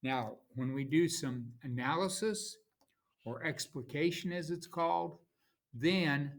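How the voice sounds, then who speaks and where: A man teaching a class, explaining terms slowly and reading out examples with marked stress. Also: medium pitch. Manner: slow, explanatory, reads examples aloud with stress. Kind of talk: classroom lecture.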